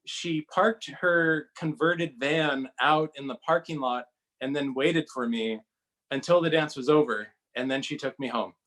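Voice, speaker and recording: A man's voice: mid-range voice, unhurried, fairly bright tone. A man from Southern California doing self-deprecating stand-up from home over a video call, loose and chuckling at his own jokes. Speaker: stand-up comedian.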